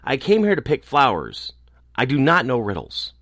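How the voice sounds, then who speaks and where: A man's voice: medium pitch, wildly swooping pitch, normal speed, fairly bright tone, no room sound, studio quality, voice pushed up, exaggerated voice. A man voicing a shy, frightened small girl who stammers in a storybook. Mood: timid. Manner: timid, hesitant.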